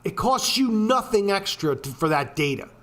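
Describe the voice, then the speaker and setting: A man's voice: high voice, very animated, normal speed, fairly bright tone. A man hosting a casual screen-share walkthrough of trading charts, talking in a profane, ranting way with lots of swearing and filler words. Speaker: trading video host.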